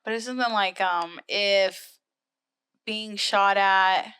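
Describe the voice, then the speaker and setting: A woman co-hosting a casual podcast, reacting loudly and rambling through stories. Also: medium pitch, fairly even intonation, takes it slowly, clean tone. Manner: reactive, exclaiming, rambling storyteller. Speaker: podcast co-host. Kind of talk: casual chat.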